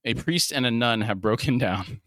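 A man's voice: medium pitch, moderate pace, fairly bright tone, no room sound. Man with a dry, close voice, chatty. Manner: retells scenes, laughs often. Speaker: podcast co-host. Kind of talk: casual chat recapping a TV episode.

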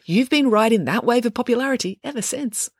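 A prim know-it-all teenage girl who talks down in a matter-of-fact way, as a woman reading a storybook puts her on. The voice moves lively in pitch. The sound is dry and close. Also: fairly quick, no room sound.

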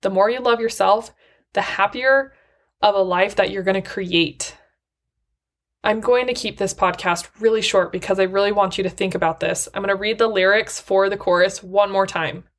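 A woman's voice: medium pitch, moderate pace. A woman hosting a solo motivational podcast, speaking earnestly and encouragingly straight to her listeners. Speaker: podcast host.

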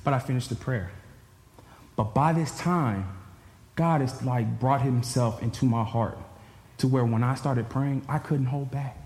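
A churchgoer shares an emotional personal testimony with his congregation, speaking unhurriedly in a medium-pitched, slightly mellow voice. The recording is from an echoey hall with faint ambient sound.

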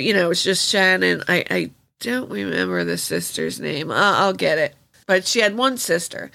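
A woman's voice: mid-range voice, a bit bright. A woman hosting a true crime podcast at home, talking in a rambling, emotional, casual way and swearing freely. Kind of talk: casual monologue.

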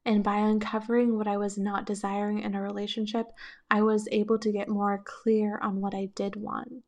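A woman hosting a solo advice podcast, speaking in a reflective, gentle coaching tone and laughing lightly between thoughts. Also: mid-range voice. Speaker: podcast host.

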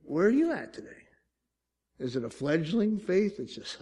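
A middle-aged man preaching a sermon as pastor, swinging between loud, fast stretches and quiet, drawn-out ones, often asking the congregation "Amen?". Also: high-pitched, big pitch swings, slightly rough.

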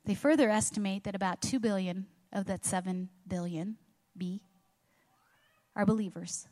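Speaking at normal speed in a medium, slightly mellow voice, this middle-aged woman pastor delivers an earnest sermon full of rhetorical questions. The church auditorium adds the long reverb of a large hall.

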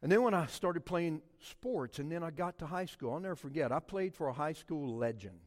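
A middle-aged man from Louisiana preaching a sermon and telling personal stories, swinging from quiet, low passages to loud, passionate peaks. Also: animated, fairly quick, in a large hall.

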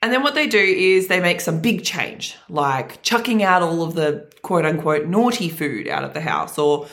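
A young Australian woman hosting a wellness podcast, talking in an energetic, chatty way with a slightly deeper morning voice. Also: normal speed. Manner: energetic, chatty, hype-girl enthusiasm. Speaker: podcast host and wellness coach. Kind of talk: upbeat podcast monologue.

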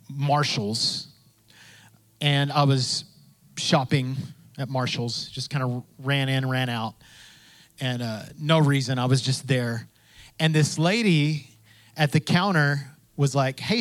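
A man preaching in an easy, conversational style, his voice sitting a little high for a man. He repeats his phrases as he goes and slips into the voices of the people he quotes. The sound is dry and close to the mic. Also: dry recording. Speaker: pastor. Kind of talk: sermon.

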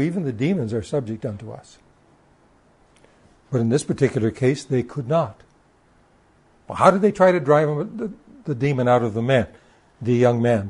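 Preacher man with a dark, husky voice. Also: mid-range voice. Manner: occasional stammered restarts. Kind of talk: sermon reading and expounding scripture.

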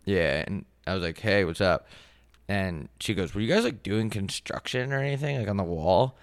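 A young man co-hosting a casual comedic podcast, animated and prone to breaking into loud, high mock voices. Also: moderate pace, dry recording. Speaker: podcast co-host.

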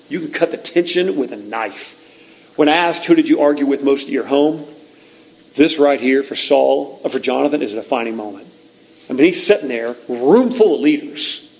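A man's voice: mid-range voice, vocal fry, darkish tone, breathy edge, rough recording. A male pastor preaching a conversational, emphatic sermon with frequent asides to the congregation.

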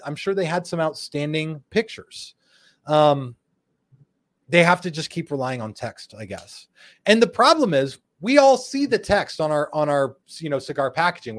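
A man hosting a live cigar show, joking and bantering playfully with his co-hosts and viewers. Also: fairly high pitch. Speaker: podcast host.

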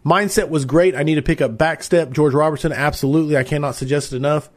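A man's voice: on the high side, fairly even intonation, fast. A man hosting a live-stream interview podcast, enthusiastic and chatty as he reads out viewer comments. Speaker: podcast host.

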